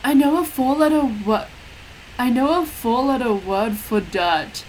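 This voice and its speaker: A woman's voice: a little high, unhurried, darkish tone, slight background noise, close to an everyday voice, poor audio. A woman voicing an angry rebellious male wizard.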